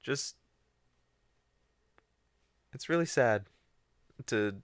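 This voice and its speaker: Animated young man joking through gameplay. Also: medium pitch, drawn-out words, no echo, clean studio sound. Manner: animated, joking, talks to chat, yelps when startled. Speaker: livestream host. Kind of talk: casual gameplay commentary.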